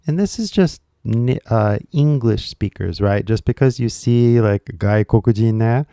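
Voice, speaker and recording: A man's voice: mid-range voice, unhurried, dark tone, clear, resonant tone, no echo, clean studio sound. A man from California, talking casually as an English teacher, rambling and full of fillers. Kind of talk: casual podcast talk.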